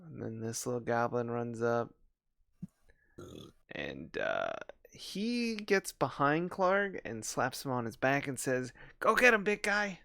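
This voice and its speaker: Man, game master, tabletop game, lively pitch, dry close sound, chatty, stumbles over words. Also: takes it slowly, gravelly, no room sound. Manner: chatty, laughs often, stumbles and repeats words.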